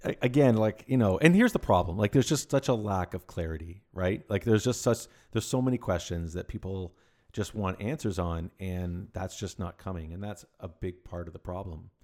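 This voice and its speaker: Deep-voiced wry male co-host. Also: moderate pace, darkish tone. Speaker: podcast co-host. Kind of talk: casual chat.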